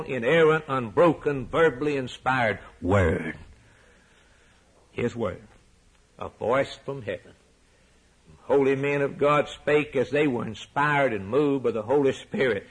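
A male preacher delivering a sermon with rhetorical repetition, rising to soaring emphatic peaks and dropping to hushed low lines. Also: breathy edge, poor audio.

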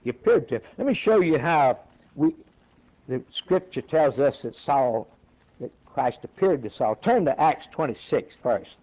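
A male preacher giving a sermon, animated, who breaks into a high emphatic voice for quoted lines and laughs between points. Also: a little slow. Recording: dull lo-fi recording.

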